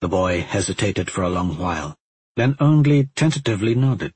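A man reads a fantasy story aloud in a calm, steady way, his rather low voice heavily husky and breathy. The recording is close and dry, with no room sound at all. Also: moderate pace, dry recording. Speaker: narrator. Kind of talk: audiobook narration.

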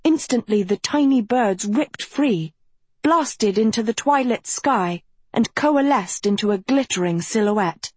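A woman reads a dark fantasy tale slowly and deliberately, lingering over each phrase. Her voice has a soft husky grain, and the recording is close and dry with no room sound. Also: on the high side, lively intonation, no room sound. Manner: slow, measured dramatic storytelling. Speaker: audiobook narrator. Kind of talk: scripted narration.

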